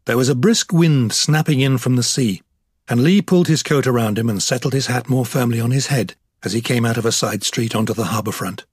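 A man narrating an audiobook in a measured, even storytelling manner. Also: mid-range voice, breathy edge, no room sound, studio quality. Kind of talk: scripted narration.

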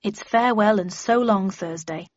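A woman's voice: medium pitch, normal speed, no room sound, lightly acted. A woman reading an audiobook, voicing a playful young man who teases with puns. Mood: teasing. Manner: teasing, playful. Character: easygoing joking young man, fond of puns. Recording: dull lo-fi dry recording.

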